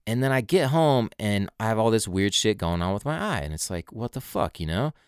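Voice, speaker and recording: A man's voice: fairly low pitch, animated, a little fast, smooth, dry recording, studio quality. A man in his twenties telling a personal story in a rambling, profane way, full of fillers. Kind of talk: casual storytelling monologue.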